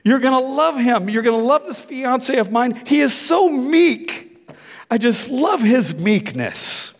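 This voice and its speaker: A man's voice: very high voice, lively intonation, a little slow, long reverb tail, a little hiss or hum, voice pushed up, full character voice. A man playing a gushing young daughter. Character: excited young adult daughter announcing engagement.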